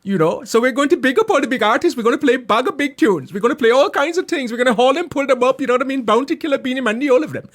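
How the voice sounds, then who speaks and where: A man voicing an excitable male reggae fan from India in a put-on Indian accent, talking in a high, exaggerated, gushing way. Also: very fast, few pauses, full character voice.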